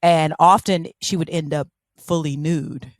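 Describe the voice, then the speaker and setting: A woman's voice: low-pitched, fairly even intonation, a little slow, dry recording, studio quality. A woman co-hosting a podcast, telling a story in casual chat, laughing often and voicing people in quotes. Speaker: podcast co-host.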